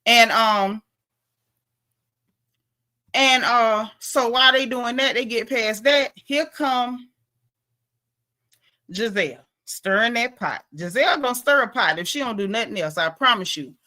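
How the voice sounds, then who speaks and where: A woman's voice: on the high side, measured pace, long pauses, bright, forceful tone. A woman recapping a reality show in casual, gossipy chat, acting out what the cast said.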